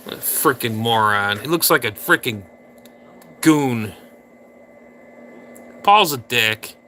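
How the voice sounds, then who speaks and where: A man's voice: medium pitch, lively intonation, slow, bright, forceful tone, slight background noise. A man hosting a casual livestream, rambling and ranting crudely at viewers in chat. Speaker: livestream host.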